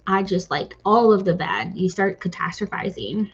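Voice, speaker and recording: Female streamer, casual emotional chatter, husky tone, muffled lo-fi audio. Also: medium pitch, normal speed. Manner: emotional, rambling, many fillers and restarts. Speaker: host of a reading stream. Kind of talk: casual chat with live viewers.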